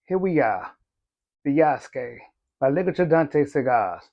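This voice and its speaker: A man's voice: a little high, expressive, a little slow, vocal fry, dull audio, loud music behind the voice. A man giving a laid-back, conversational cigar review, often saying "you know". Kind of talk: casual review talk.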